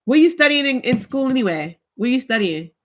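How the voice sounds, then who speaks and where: A woman in her thirties hosts her own vlog with a slightly high voice. She chats casually with her viewers and tells stories in a lively, colloquial way. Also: fast talker. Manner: chatty, animated storytelling, colloquial. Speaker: vlogger host.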